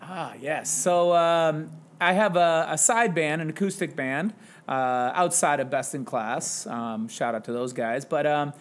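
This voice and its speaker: Self-deprecating teacher telling animated stories. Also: male voice, a little high, a little slow. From Wisconsin, US. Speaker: podcast guest, high school English teacher. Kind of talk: casual podcast chat, storytelling.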